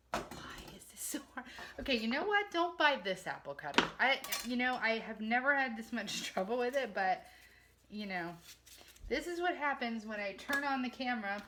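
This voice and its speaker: A woman's voice: mid-range voice, very noisy. A woman in her forties, chatting casually and poking fun at herself as she talks to viewers while cooking in her home kitchen. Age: 40s.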